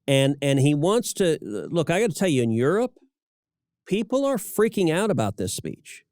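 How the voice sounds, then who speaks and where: A man's voice: on the high side, sing-song, normal speed, a little mellow, no echo. Emphatic middle-aged man, dry studio sound. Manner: emphatic, repeats words when starting sentences. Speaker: senator and podcast co-host. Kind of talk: political commentary.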